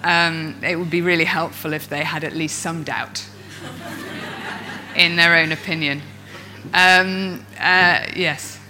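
Bright-voiced woman coach. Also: low voice, a little hiss or hum, rough recording. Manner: expressive storyteller who acts out inner voices. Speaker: coach and speaker. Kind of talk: presentation to an audience of coaches.

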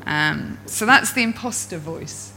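A low-pitched, creaky female voice speaks a little slowly as she presents to a room of coaches. A coach and speaker, she tells expressive stories and dramatizes inner voices. Soft music plays in the background of this rough recording.

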